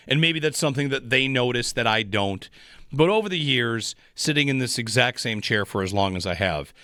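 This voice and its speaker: A man's voice: medium pitch, sharp tone, dry recording, clean studio sound. A man hosting a sports talk radio show, analyzing the game in a rambling, frustrated way with frequent restarts.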